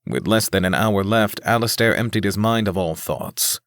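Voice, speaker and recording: A man narrating a fantasy audiobook in a steady, even reading. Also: fairly low pitch, moderate pace, no echo, studio quality. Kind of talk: scripted narration.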